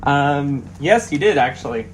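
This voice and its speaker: A man narrating as game master of a tabletop game, halting with many fillers and restarts. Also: fairly high pitch, animated, a little hiss or hum.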